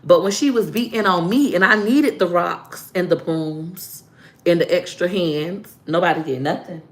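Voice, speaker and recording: A woman in casual vlog storytelling, animated and joking. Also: lowish voice, moderate pace, a little hiss or hum. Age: adult. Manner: animated storyteller, acting out quotes. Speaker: vlogger.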